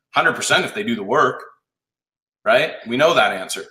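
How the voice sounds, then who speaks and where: A man coaching a live audience in a blunt, profane, rapid-fire pep talk. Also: mid-range voice, expressive, sharp tone. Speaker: sales coach. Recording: roomy echo.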